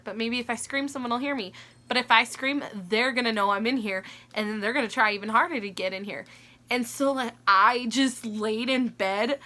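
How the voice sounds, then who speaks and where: Young woman vlogger, high bright voice, chatty and animated, lots of "like", quick laughs. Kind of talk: casual storytelling.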